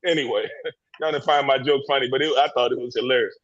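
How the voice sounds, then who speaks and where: A man's voice: medium pitch, steady tone, fast, fairly bright tone, muffled recording. A man speaking in an impassioned group discussion on a livestream call, preachy and emphatic, repeating words and restarting his sentences. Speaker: panelist in a men's discussion group. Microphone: livestream video call.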